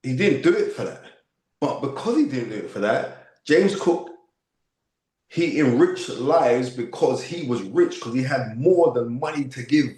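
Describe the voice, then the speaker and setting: A fifty-year-old man with a London accent tells his stories with emphasis and energy. He often asks "you know what I mean" as he talks. His mid-pitched voice rings in a roomy, echoing space. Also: animated, measured pace, dark tone. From United Kingdom. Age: 50s. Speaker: guest. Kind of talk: animated interview storytelling. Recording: echoey room.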